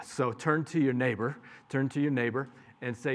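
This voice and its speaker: A man's voice: mid-range voice, steady tone, normal speed. A man preaching a sermon as pastor, talking to the congregation in a plain, conversational way.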